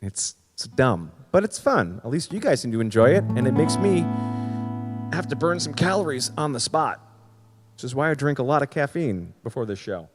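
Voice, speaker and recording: A man's voice: mid-range voice, very animated, moderate pace, long reverb tail. A man hosting his weekly comedy-music livestream from home, rambling in a self-deprecating way with crude jokes. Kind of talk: casual livestream banter. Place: home, streaming.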